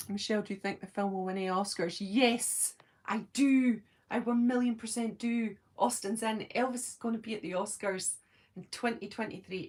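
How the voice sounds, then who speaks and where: A middle-aged Scottish woman hosts a casual live stream and chats to her viewers. She is giggly and self-deprecating, with plenty of ums and quick asides. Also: medium pitch, a little mellow. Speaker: host of a fan live stream. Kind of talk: casual live-stream chat, reading comments.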